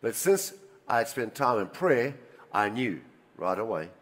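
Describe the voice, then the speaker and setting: An older man preaching a sermon, telling personal stories and swinging between loud emphasis and quiet asides. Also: mid-range voice, very animated, unhurried. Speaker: pastor. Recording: reverberant hall.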